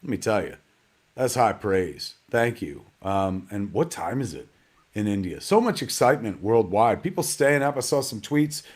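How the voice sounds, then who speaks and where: His lowish, husky voice is very animated as he hosts a live online premiere at normal speed. He rambles, ribs himself, and curses from time to time.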